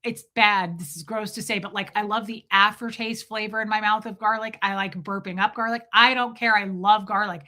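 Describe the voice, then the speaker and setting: A woman in her forties telling candid, rambling stories on a casual live stream, slipping into quick impressions of the people in them. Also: medium pitch, fairly even intonation, bright, forceful tone. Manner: candid, rambling storyteller, does voices of people.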